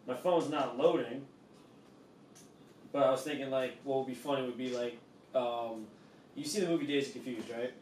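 A man's voice: mid-range voice, normal speed, long pauses, darkish tone, slight background noise. A man hosting a podcast in casual chat, loose and rambling, swearing freely. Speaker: podcast host. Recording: roomy, distant mic.

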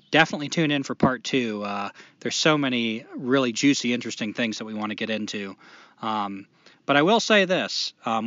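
A man co-hosting a podcast in casual chat, profane and animated, rambling through his points. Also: mid-range voice, no room sound. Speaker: podcast co-host. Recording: dull lo-fi podcast audio.

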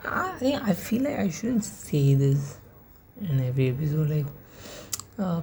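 A woman's voice: low-pitched, sing-song, moderate pace, dark tone, a little hiss or hum. A woman hosting a solo podcast, rambling and swearing casually, sleepy and yawning as she talks unscripted. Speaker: podcast host.

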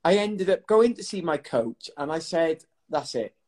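A middle-aged man from the United Kingdom, a retired athlete telling stories in a chatty, animated way in an interview, laughing now and then. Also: a little high, moderate pace. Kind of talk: casual storytelling interview.

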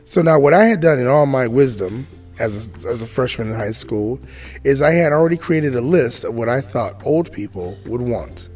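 A man's voice: mid-range voice, moderate pace, darkish tone, soft background music. A man in his forties telling his own story as a podcast host, chatty and full of asides to the listener. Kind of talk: storytelling monologue.

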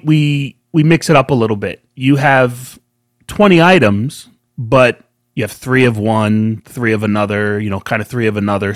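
A man co-hosting a casual chat, telling stories in an animated, profane way. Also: medium pitch, no echo, studio quality. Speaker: podcast co-host.

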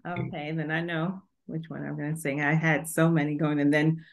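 Deep slow-talking woman, bit gravelly, relaxed worship leader chat. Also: lo-fi sound. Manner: relaxed, chuckling, many ums. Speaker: worship singer. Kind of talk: casual chat before a worship song.

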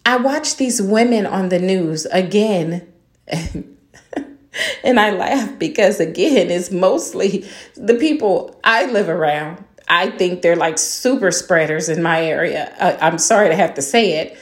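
A woman's voice: fairly low pitch, expressive, slow pace. An older woman and grandmother delivering a heated, blunt monologue, swearing and firing off rhetorical questions at her listeners. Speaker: podcast host. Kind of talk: angry monologue rant. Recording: roomy echo.

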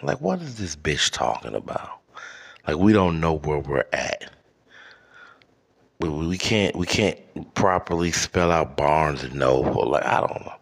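Brief: deep-voiced male host, slow and rambling, cursing through a comic monologue. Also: sing-song, vocal fry. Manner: rambling, profane, halting. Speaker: podcast host. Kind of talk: comedic solo rant.

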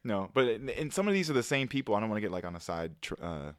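A man's voice: lowish voice, very animated, fast talker, no echo, clean studio sound. A man in his thirties co-hosting a podcast, laid-back and joking in casual slangy chat. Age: 30s. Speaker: podcast co-host.

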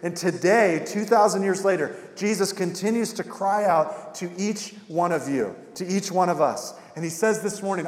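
A man preaching a sermon as pastor, animated, with rising emphasis and direct questions to the congregation. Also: high voice, moderate pace, hardly any pauses. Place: church sanctuary. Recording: echoey hall with long reverb.

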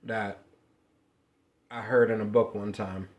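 A man's voice: fairly low pitch, slow, highs cut off, noisy background. A man co-hosting a casual podcast, telling family stories with lots of swearing and acted-out quotes. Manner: animated storyteller, profane, acts out quotes. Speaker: podcast co-host.

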